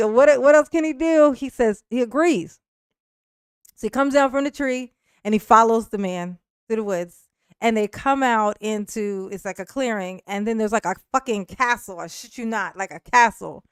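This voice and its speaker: A woman's voice: on the high side, moderate pace, smooth, no room sound, studio quality. A woman hosting a livestream, telling a long story to her chat in a rambling, laughing way. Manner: rambling, laughing often, frequent restarts and "like". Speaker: livestream host. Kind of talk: casual storytelling to a live chat.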